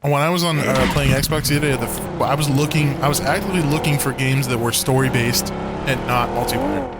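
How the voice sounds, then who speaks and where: A man's voice: mid-range voice, a little fast, loud music behind the voice. A young man co-hosting a casual podcast, rambling with lots of fillers and swearing. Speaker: podcast co-host. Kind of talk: casual chat.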